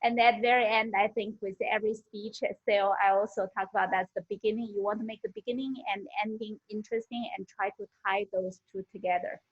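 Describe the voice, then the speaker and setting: A woman giving a friendly, halting speech evaluation at an online club meeting, with many fillers, over a video call. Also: mid-range voice, fairly even intonation, slightly rough. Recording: dull lo-fi video call audio.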